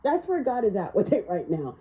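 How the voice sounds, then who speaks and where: A woman's voice: medium pitch, very animated, a little fast, dark tone, muffled recording. A woman giving a casual spiritual tarot reading in a blunt, ranting manner, swearing freely. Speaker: tarot reader.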